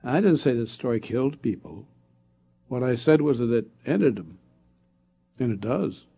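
A calm, eerie boy storyteller, voiced by a man who speaks softly in a slow, measured chant. The voice is husky and close to his natural tone. The recording sounds dull and lo-fi. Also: medium pitch. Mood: quiet.

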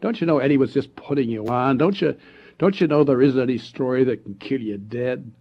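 A man's voice: medium pitch, a little fast, muffled recording, natural voice. A man voicing a scornful, know-it-all young boy who talks dismissively.

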